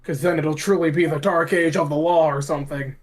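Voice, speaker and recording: A streamer reading a courtroom game's dialogue aloud with lively delivery. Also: medium pitch, a little fast. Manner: lively, laughing, expressive. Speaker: game streamer.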